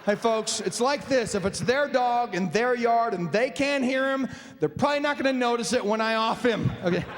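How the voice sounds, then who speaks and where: Male stand-up comic from Nebraska, animated storyteller, live stage sound with faint room noise. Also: very high voice, moderate pace. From Nebraska, USA. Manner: animated storytelling with acted-out voices. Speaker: stand-up comedian. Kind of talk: stand-up comedy set. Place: large performing arts theater. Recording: live stage in an echoey hall.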